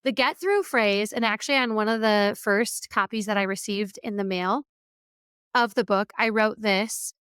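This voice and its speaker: A woman's voice: medium pitch, normal speed, a bit bright, clean tone, no echo, studio quality. A woman hosting a motivational podcast, talking conversationally and acting out what other people say. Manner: conversational, acts out quoted remarks. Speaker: podcast host and keynote speaker.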